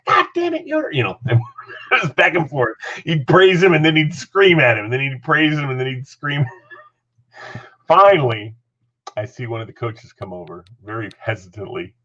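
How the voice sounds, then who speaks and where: Speaking at normal speed in a mid-range voice, this middle-aged host animatedly spins a story during a casual chat, laughing a lot and doing different voices. The audio sounds muffled.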